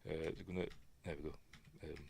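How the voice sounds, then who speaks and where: A man's voice: a bass voice, little pitch movement, a little fast, creaky, a little mellow, slight background noise. A man with a Yorkshire accent giving a casual film review, rambling and muttering asides to himself. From Yorkshire, England.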